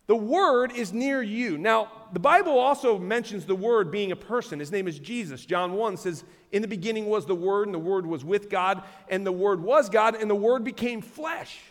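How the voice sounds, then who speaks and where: High-voiced man preaching in a big hall. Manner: animated, conversational preaching with laughter and asides. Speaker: pastor. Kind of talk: sermon. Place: large church auditorium.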